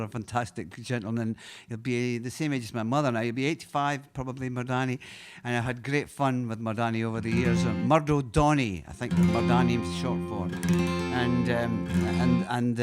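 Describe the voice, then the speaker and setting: Scottish male singer, mid voice, rambling stage patter with light laughs; faint guitar under. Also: mid-range voice. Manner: rambling, halting, chuckling often. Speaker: singer-songwriter introducing a song. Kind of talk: storytelling patter between songs.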